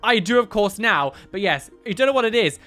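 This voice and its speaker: A young man hosting a reaction video, animated and exclamatory with frequent laughs. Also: sits high, brisk, soft background music. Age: young adult. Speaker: YouTube reaction host. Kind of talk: reaction commentary.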